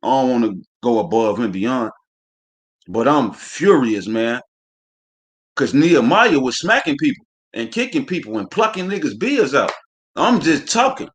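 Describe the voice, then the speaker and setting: A man's voice: mid-range voice, very animated, measured pace. Guy preaching scripture on a live stream, heated and cussing, keeps saying man. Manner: heated, profane, preachy, leans on "man" at phrase ends. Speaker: religious teacher.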